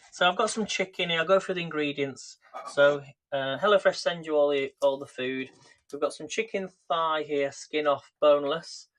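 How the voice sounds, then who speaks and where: Guy chatting away on a cooking live stream, voice a bit on the high side, camera on a tripod in his kitchen. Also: a bit bright. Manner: chatty, addresses viewers by name. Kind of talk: casual live-stream chat while cooking. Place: home kitchen.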